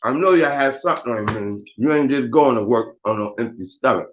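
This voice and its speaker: A man chatting loosely on a morning live stream, full of slang and cussing as he calls out viewers by name. His voice sits at an ordinary middle pitch. The audio is dull and lo-fi. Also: expressive, quick pace. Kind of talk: casual morning live chat.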